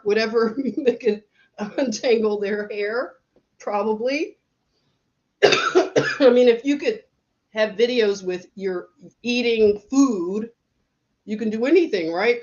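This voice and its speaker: Woman, middle-aged, livestream host, casual chat, laughs a lot, unhurried, muffled lo-fi audio. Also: a little high. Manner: chatty, laughs often, storytelling. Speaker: livestream host reading viewer comments.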